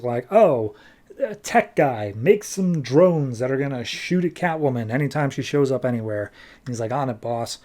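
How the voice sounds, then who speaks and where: A man's voice: medium pitch, darkish tone. A man casually recapping a comic book issue as a podcast host, loosely voicing characters as he retells the plot. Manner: chatty, paraphrases characters with loose quick voices.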